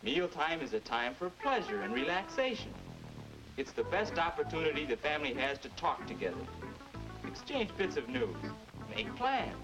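In an old 1950s educational film, a young adult man plays the earnest grown-up version of a boy and speaks in an instructive manner. His voice sits at a medium pitch, and the low-quality recording is an old film soundtrack with music.

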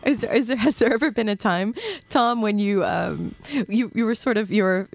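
A woman hosting a radio interview in a studio, halting and restarting her questions. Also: medium pitch, vocal fry, no echo. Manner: hesitant, many fillers and restarts. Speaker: radio show host.

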